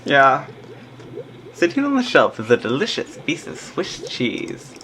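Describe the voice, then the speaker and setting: A woman playing through an adventure game, reading its text aloud between relaxed murmured fillers. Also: extremely low pitch, measured pace, a little hiss or hum. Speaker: let's play player.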